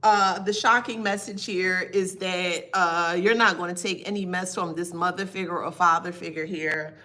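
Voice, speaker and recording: A woman's voice: fairly low pitch, fairly even intonation, moderate pace, pushed and bright. A woman doing a live tarot reading who talks to her chat in a sassy, emphatic way and laughs often. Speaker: tarot reader.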